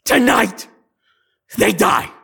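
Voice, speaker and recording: A man voicing cruel old hags who gloat and hunger for human flesh, stretching their words out slowly. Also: extremely high pitch, animated, creaky, a bit bright, breathy edge, no echo, clean studio sound, pitched above the performer's own voice, heavily acted. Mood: taunting. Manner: taunting, gloating, drawn-out words.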